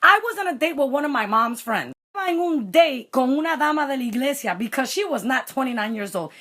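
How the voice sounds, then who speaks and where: A young woman casually telling a story, animated, slipping Spanish phrases in among many "like" fillers. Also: high voice, fairly quick. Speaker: vlogger.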